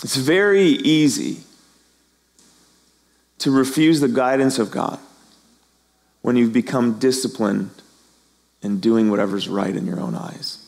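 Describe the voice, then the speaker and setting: A middle-aged male pastor preaching a sermon, animated, acting out the voices of people in the story. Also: medium pitch, unhurried, creaky, pauses often.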